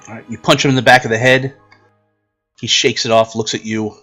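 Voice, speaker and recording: A man's voice: medium pitch, flat delivery, brisk, pushed and bright, soft background music. A man running a tabletop game as game master, narrating combat in gory detail and often laughing.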